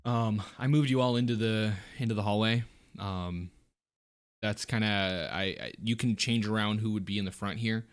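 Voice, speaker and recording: A man narrating as dungeon master, halting and full of fillers and restarts. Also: lowish voice, clear, resonant tone. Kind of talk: narrating a tabletop game.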